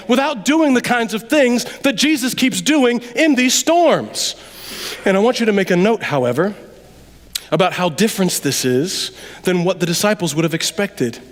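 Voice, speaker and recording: A man delivers a sermon in a lively, dramatic way, sometimes sinking to a near hush to drive a point home. His voice sits high for a man. The sound rings with the long reverb of a church hall. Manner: animated, drops to a hush for emphasis, laughs and acts out voices. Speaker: preacher. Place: church sanctuary.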